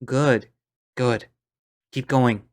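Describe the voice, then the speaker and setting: A man voicing a calm young male friend who coaxes and soothes, in a visual novel. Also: mid-range voice, very slow. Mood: soothing. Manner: soothing, coaxing.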